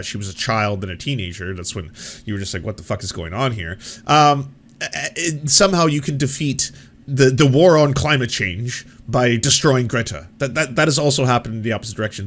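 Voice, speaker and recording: A man's voice: mid-range voice, fairly bright tone. A man hosting an online commentary show, talking casually in a sarcastic, rambling and profane way as he reacts to clips. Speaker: host.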